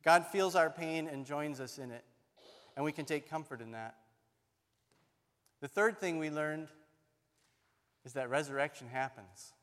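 A man's voice: fairly high pitch, a bit bright. A middle-aged man preaching a sermon as pastor, telling the story dramatically and voicing the people in it. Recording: long reverb of a large hall.

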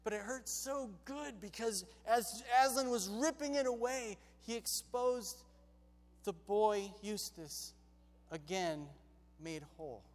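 A male preacher tells stories in a lively, chatty way, going from loud bursts to hushed moments. His voice sits high. It rings with a long reverb in a large hall. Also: takes it slowly. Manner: lively, conversational, shifts between loud and hushed. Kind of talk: storytelling sermon.

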